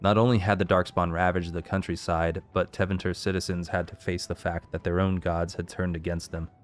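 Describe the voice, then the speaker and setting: Deep-voiced man reading game lore. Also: level tone, brisk, soft background music. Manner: reads aloud steadily, stopping to puzzle over pronunciation. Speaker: let's play host.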